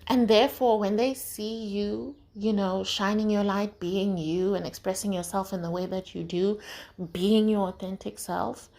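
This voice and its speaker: A woman's voice: medium pitch, fairly even intonation, measured pace, vocal fry, warm tone. South african woman talking straight on her podcast, swears a lot, keeps going "right?". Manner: frank and profane, rhetorical "right?" tags. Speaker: podcast host. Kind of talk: casual motivational monologue.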